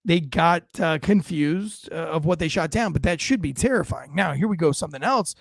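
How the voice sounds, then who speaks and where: A man's voice: on the high side, animated, normal speed, gravelly, no room sound, studio quality. A man hosting an online news commentary show, talking in a brash, conversational way with crude slang and asides. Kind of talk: casual political commentary.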